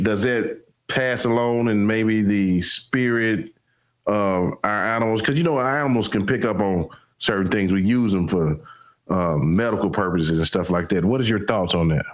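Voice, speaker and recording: Slow-talking, lowish male podcast host. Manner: hesitant, with frequent "um" and restarts. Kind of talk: casual interview questions.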